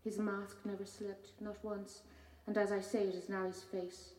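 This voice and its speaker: A woman, a poet giving a measured reading of her own poems with hesitant spoken asides between them. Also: medium pitch, level tone, darkish tone. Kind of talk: poetry reading. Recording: roomy hall from far off.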